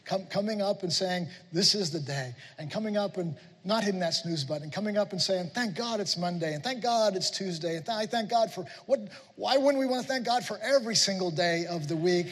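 A man preaching a sermon in a church, telling lively stories and acting out voices. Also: high voice, fairly quick. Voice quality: animated storytelling with playful voices. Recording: echoey hall.

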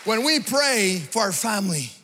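A man preaching a sermon, emphatic and sing-song, swinging between loud declarations and hushed readings. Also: high voice, sing-song, moderate pace, a faint crowd, slight background noise. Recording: long hall reverb.

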